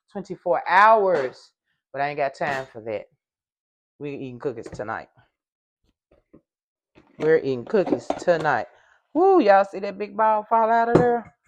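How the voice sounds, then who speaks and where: An older woman chatting casually to viewers while baking in her home kitchen. She hums along as she works and sometimes gets loud in the microphone. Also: deep voice, highs cut off. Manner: loud at times, apologizes for yelling into the mic. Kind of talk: casual cooking vlog.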